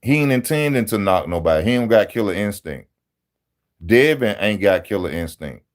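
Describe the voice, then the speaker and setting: Man, lowish voice, casual live-stream chat, slangy, animated, laughs often. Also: normal speed. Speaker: boxing channel host reading live chat.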